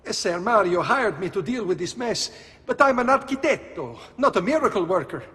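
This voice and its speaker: Businesslike architect, high lively pitch, salesman patter, reverberant game audio. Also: a little fast, heavily acted. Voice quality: wry, salesman-like. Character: brisk, businesslike Italian male architect. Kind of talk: video game dialogue.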